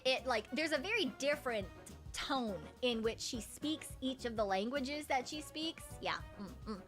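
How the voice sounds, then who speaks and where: A woman's voice: high voice, a bit bright. A woman streamer chatting casually with her viewers, rambling and humming between thoughts. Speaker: live streamer. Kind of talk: casual live-stream chat.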